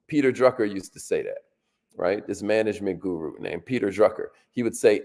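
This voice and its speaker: Energetic man firing up a crowd. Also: lowish voice. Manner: energetic, repeats lines, call-and-response, casual slang. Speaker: motivational speaker. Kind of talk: motivational workshop talk.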